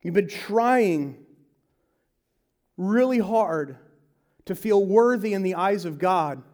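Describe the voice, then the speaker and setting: A man delivers a sermon in a rather high voice, taking his time over the words. He swings between loud, emphatic stretches and hushed, quiet ones, and drops into quick mimicry of pushy salesmen and advisers. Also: lively intonation. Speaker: pastor.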